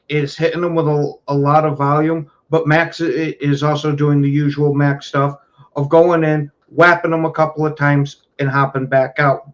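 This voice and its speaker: A man with a slightly raised voice chatting in a measured, even-handed way on a podcast. His audio comes through a bit dull and lo-fi. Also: a little high. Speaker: podcast co-host. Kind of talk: casual chat.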